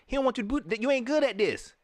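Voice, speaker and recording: A man hosting a live sports show, teasing and preaching in casual, animated commentary. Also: very high voice, fast, no echo, studio quality.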